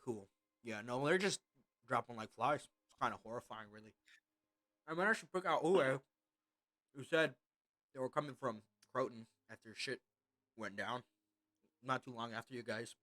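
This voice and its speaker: A man's voice: medium pitch, moderate pace, pauses often, sharp tone, no room sound. A man running a tabletop game as game master over voice chat, rambling and loose with many fillers. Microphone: headset or desk mic on a voice call.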